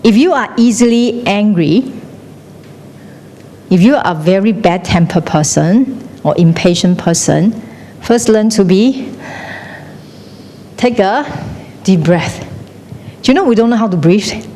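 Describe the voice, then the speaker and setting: A woman's voice: mid-range voice, expressive, measured pace, long pauses, mellow. A middle-aged woman gives a classroom lecture. She keeps asking the class questions and switches between English and Chinese. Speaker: teacher. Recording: long hall reverb, faint noise.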